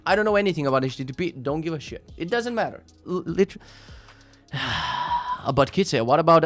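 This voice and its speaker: A man hosting a live stream, reading out viewer links and reacting in a casual, profane, sarcastic way, jumping between loud rants and muttered asides. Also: a little high, lively intonation, moderate pace, faint music behind.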